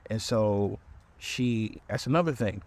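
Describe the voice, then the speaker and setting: A male podcast host telling a comedic dating story in an animated way, talking right to his listeners. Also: lowish voice, takes it slowly.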